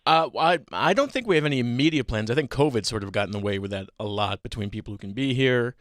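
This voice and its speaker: A chatty male co-host, recorded dry and close. He trades quick asides and jokes, with an even middle pitch. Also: no echo. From Massachusetts South Shore. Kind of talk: casual chat.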